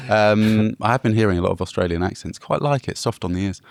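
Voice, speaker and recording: A man's voice: fairly low pitch, quick pace, vocal fry, no room sound, clean studio sound. A man co-hosting a podcast, chatting casually and teasing his co-host in a playful way over a remote call. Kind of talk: casual chat.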